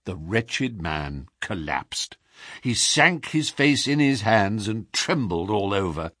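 A man narrating an audiobook in a measured storytelling manner. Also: on the low side, very animated, sharp tone, no echo, clean studio sound. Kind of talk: scripted narration.

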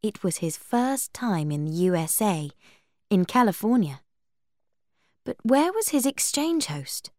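A woman reads a storybook aloud at a slow, deliberate pace. Her pitch rises and falls a lot, and the sound is dry and close. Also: sing-song, darkish tone, no room sound. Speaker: narrator.

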